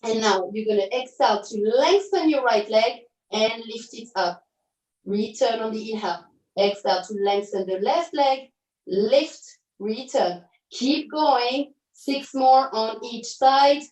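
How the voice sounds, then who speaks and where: A woman pilates instructor leading an online class, cueing moves and counting reps in an upbeat way, with quick self-correcting asides. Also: fairly high pitch, a little mellow. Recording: roomy audio from a distance.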